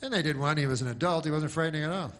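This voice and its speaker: A man doing a stand-up comedy set, rambling and deadpan, halting with many restarts. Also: on the high side.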